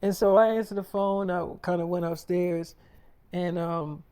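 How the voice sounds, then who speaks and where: A man's voice: high voice, steady tone, a little slow, warm tone, smooth. A man telling a long story in a rambling, profane, casual way, repeating himself and quoting others as he goes.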